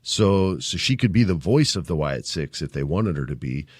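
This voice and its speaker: A man co-hosting a podcast in relaxed, casual chat, calling people dude and bro. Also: low voice, moderate pace, no room sound, clean studio sound. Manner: laid-back, says dude and bro. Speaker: podcast co-host.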